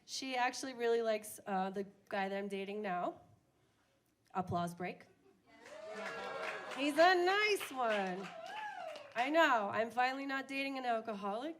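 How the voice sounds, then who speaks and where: A woman's voice: fairly high pitch, fairly bright tone. Crude, self-mocking woman doing stand-up. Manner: crude, self-mocking, laughs at her own jokes. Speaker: stand-up comedian. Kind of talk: stand-up comedy set. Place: comedy bar stage, live audience.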